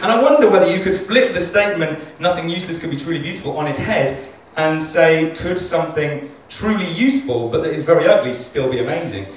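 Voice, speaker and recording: A man works through a stand-up set in a club, rambling and self-deprecating, with plenty of swearing. His voice sits a little higher than most men's. He was recorded from far off in a very echoey room, with faint room noise behind him. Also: fairly quick, few pauses. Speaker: stand-up comedian. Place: comedy club stage.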